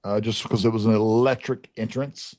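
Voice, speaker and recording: A man co-hosting a podcast, talking in a relaxed way with many pauses. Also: lowish voice, no room sound. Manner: relaxed, with many fillers and restarts. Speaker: co-host. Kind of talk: casual podcast chat.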